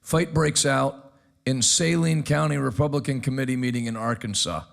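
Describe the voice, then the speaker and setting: An American pastor hosting a casual news commentary show, tossing off wry quips between clips. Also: male voice, medium pitch, fairly even intonation, moderate pace, vocal fry.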